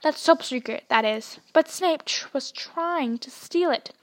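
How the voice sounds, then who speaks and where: A woman reading aloud, voicing a big gruff male half-giant gamekeeper in an insistent manner. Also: high-pitched, unhurried. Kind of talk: storybook read-aloud.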